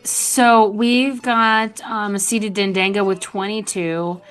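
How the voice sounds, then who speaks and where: A woman's voice: medium pitch, fairly even intonation, takes it slowly, smooth, soft background music, rough recording. A woman co-hosting comedic game show banter, wry as she reads out results. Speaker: co-host.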